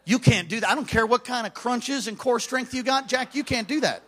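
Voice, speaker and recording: Male pastor, high and bright, animated revival preacher with hushed asides and shouted peaks. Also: a little fast. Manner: swings from hushed storytelling to shouted exhortation. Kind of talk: revival sermon storytelling. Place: church sanctuary.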